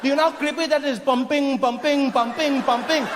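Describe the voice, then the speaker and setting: A man's voice: very high voice, fairly even intonation, brisk, long reverb tail, pitched above the performer's own voice. Man doing a teasing Indian man, put-on Indian English accent, sing-song, mocking, live theater, audience noise. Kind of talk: stand-up comedy act-out. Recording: live theater, crowd laughter.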